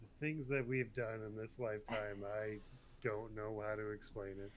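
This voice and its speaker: A man's voice: fairly low pitch, little pitch movement, normal speed, a little hiss or hum, pitched below the performer's own voice, lightly acted. A man voicing a weary male adventurer in a tabletop game, exasperated and groaning. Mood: dazed.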